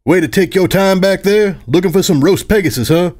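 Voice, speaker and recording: A cocky male pony soldier with a smirking, sarcastic delivery, as a male reader puts him on. The voice sits a little higher than the narration. It comes from a fan audiobook. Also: expressive, normal speed, a little mellow.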